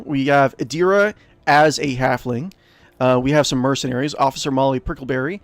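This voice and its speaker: A man's voice: medium pitch, brisk. A man casually commentating his own video game playthrough, rambling with lots of fillers. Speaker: let's play host.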